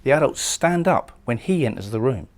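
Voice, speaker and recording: A man's voice: medium pitch, lively intonation, normal speed. A man giving a recorded poetry lecture, explaining lines of a poem and often repeating words as he goes. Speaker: literature lecturer.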